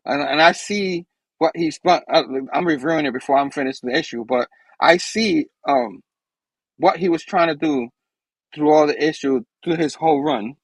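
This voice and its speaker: A man's voice: a little high, moderate pace, husky, no echo, poor audio. A man hosting a casual comic book review chat, enthusiastic and rambling. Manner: enthusiastic, rambling, acts out characters' lines. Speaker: host.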